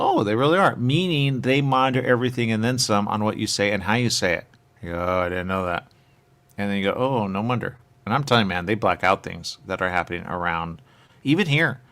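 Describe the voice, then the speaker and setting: A man hosts a casual radio talk show, voice pitched low. His delivery is lively and swings up and down a lot. He rambles, trails off and keeps returning to the same phrases. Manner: rambling, trails off, repeats "there you go".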